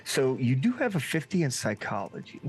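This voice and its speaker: A man's voice: mid-range voice, huge pitch swings, fairly quick. Chill guy GM running a horror game, voice bounces around a lot, calls everyone dude. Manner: laid-back, laughs often, says dude. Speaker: game master.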